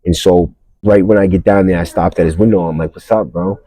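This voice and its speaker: A man's voice: deep voice, fairly even intonation, brisk, dark tone, no echo, rough recording. A man hosting a podcast, telling a story casually in blunt street slang and calling the listener bro. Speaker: podcast host.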